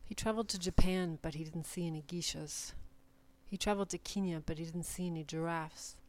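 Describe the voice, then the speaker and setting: A woman giving a measured, deliberate reading of short numbered literary passages. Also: on the low side, steady tone. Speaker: reader.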